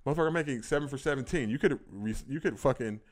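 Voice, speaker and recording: A man's voice: mid-range voice, fast. A young man talking as a podcast guest in casual chat, blunt and profane with lots of fillers.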